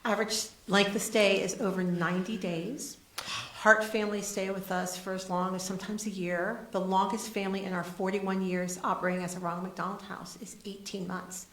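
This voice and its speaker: A woman's voice: mid-range voice, level tone, normal speed, a little hiss or hum. A woman with a lilt tells stories animatedly, acting out the voices of the people in them. Her voice sits in a middle range for a woman. The room has a noticeable echo. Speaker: charity CEO guest. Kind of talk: animated storytelling on a talk show.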